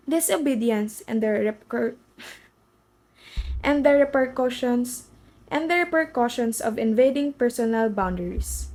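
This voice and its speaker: A woman's voice: on the high side, rough recording. A woman reading a children's story aloud as storyteller, with slips and restarts.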